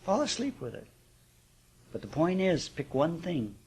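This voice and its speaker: A man's voice: fairly high pitch, very animated, unhurried, a little mellow, breathy edge. A man giving a live spiritual class talk to an audience, speaking conversationally with rhetorical check-ins and chuckles. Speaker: spiritual teacher.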